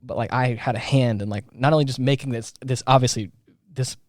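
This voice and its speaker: Mellow-voiced man chatting on a podcast. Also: medium pitch, steady tone, a little fast, dry recording, studio quality. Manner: rambling, lots of fillers and restarts. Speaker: podcast co-host. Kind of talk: casual chat.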